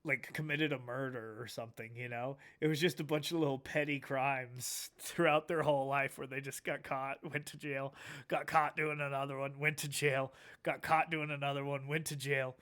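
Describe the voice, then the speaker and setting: A man's voice: mid-range voice, fairly even intonation, normal speed, fairly bright tone. A man streaming a casual reaction, laid-back, swearing a lot and laughing often.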